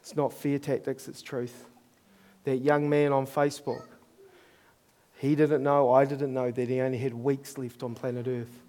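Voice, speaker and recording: A man's voice: mid-range voice, little pitch movement, unhurried, dark tone. A middle-aged man with a New Zealand accent preaching a sermon, telling stories earnestly and chuckling at himself. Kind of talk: storytelling sermon.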